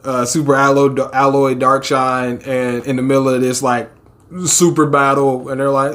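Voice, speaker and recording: A young man casually reading a manga chapter aloud and reacting, laughing often, swearing, and pitching his voice way up for the characters. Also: moderate pace. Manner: animated, laughs often, swears, acts out characters in a high squeal.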